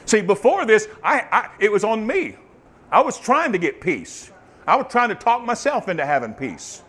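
A man preaching a sermon, swinging from loud fervent bursts to soft, murmured testimony. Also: high voice, sing-song, normal speed.

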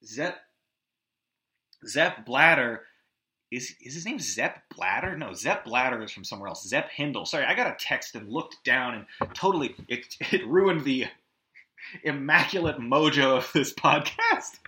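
Brief: male podcast host, lively pitch, bright tone, echoey room, casual recap. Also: a little slow, a little hiss or hum. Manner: animated, swearing, acts out scenes with yelps and hummed music.

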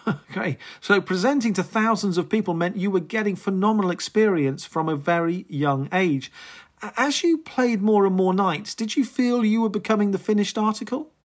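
An interviewer asking measured, deliberate questions about a guest's career. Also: medium pitch.

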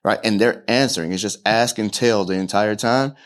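A man's voice: lowish voice, normal speed. A man coaching a workshop audience on podcasting, talking casually and often checking in with "right?". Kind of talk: casual talk to a live audience.

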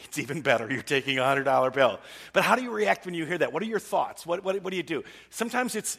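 A man with a fairly bright voice on the high side preaches as pastor at a church service. His sermon is conversational, full of rhetorical questions for the congregation, and a large hall's long reverb colors the recording.

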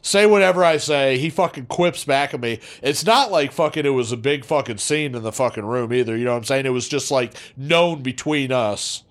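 A man spins a crude, lively tale for his podcast co-hosts, dropping curses into nearly every phrase. His voice sits in a middle register and gets animated at the high points. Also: a little fast, few pauses. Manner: profane, animated, swears constantly. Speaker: podcast co-host. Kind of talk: casual storytelling.

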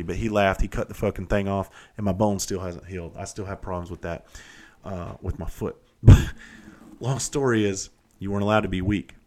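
Middle-aged guy with a really low voice, swears a lot, just shooting the breeze on his podcast. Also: a little fast, darkish tone. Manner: profane, blunt, self-deprecating. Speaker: podcast host. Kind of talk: casual storytelling monologue.

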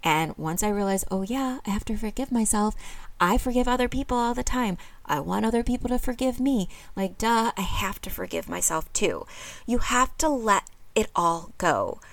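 A woman hosts a self-help podcast, coaching her listeners earnestly and casually. Her voice sits at an ordinary middle pitch and sounds dry and close, with no room around it. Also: lively intonation, moderate pace, vocal fry, no room sound. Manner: earnest, encouraging, addresses listeners directly; casual with frequent fillers. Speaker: podcast host.

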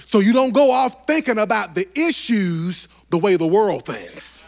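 A man with a notably high-pitched voice delivers a sermon to his congregation. He preaches fervently and rhythmically, with repeated phrases and direct calls to the church. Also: very animated, a little slow, darkish tone. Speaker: pastor.

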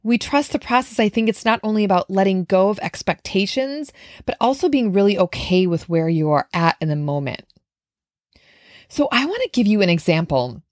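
With an animated, mid-range voice at normal speed and a darkish tone, a Minnesota nutrition coach delivers a solo podcast monologue that's earnest, heartfelt and conversational, sprinkled with fillers. The clean studio recording has no echo.

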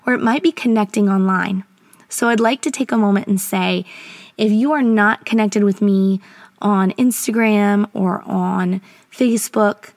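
A woman hosts her podcast in an earnest, encouraging tone. She is recorded from a small closet at home, so her voice sounds dry and close, with no room echo. Her pitch sits at an ordinary middle. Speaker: educator and podcast host. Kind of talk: casual advice podcast.

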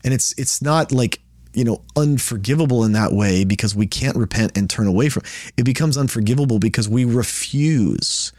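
Man, casual Bible teacher, conversational, restarts often, middle pitch, dry sound. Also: moderate pace, a little mellow, dry recording. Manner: conversational, frequent "right?" and restarts.

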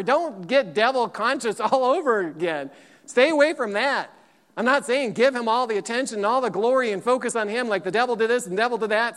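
Fiery preacher man in an echoing hall. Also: high-pitched. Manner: fiery, preaching loudly with call-and-response. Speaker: pastor. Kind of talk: sermon. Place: church sanctuary. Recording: long reverb of a large hall.

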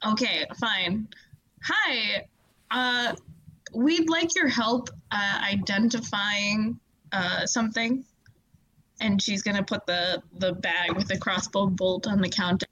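A woman's voice: medium pitch, takes it slowly, sharp tone, dull audio. A woman playing in a tabletop game podcast, talking hesitantly and stumbling over her words. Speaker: player. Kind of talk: casual tabletop role-play.

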